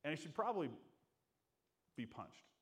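A man's voice: fairly high pitch, very animated, moderate pace. A middle-aged man preaching a sermon in an earnest, conversational way, acting out the voices of the people he quotes. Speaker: pastor.

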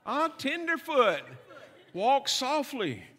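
High, bright-voiced preacher in a reverberant hall. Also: male voice, sing-song, slow pace, a little hiss or hum. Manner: humorous storytelling with asides to the congregation. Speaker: pastor. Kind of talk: sermon.

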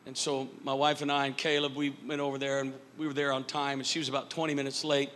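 A middle-aged pastor preaching a sermon in a church, building to loud shouted peaks. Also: male voice, medium pitch, completely flat delivery, quick pace, a little hiss or hum. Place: church sanctuary.

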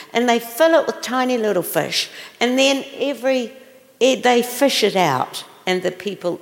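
A woman preaching in a church hall, telling stories with exclamations and direct questions to her listeners. Her mid-pitched voice has a gravelly edge. A long reverb trails each phrase. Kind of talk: sermon storytelling.

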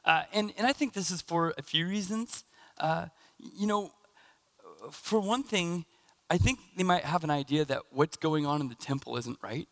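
A man in his thirties preaching a sermon in a casual, halting way, with many fillers and restarts as he tells stories. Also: a little high, a bit bright. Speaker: pastor.

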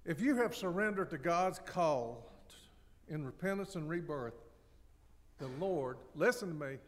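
A man preaching a sermon as pastor, animated and acting out scripture scenes with laughs. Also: high voice, big-room sound.

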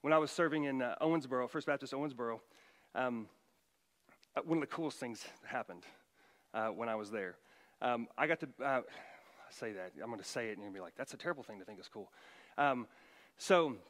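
A middle-aged man preaching a sermon as pastor, emphatic, his voice rising loud for quoted commands. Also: mid-range voice, big-room sound.

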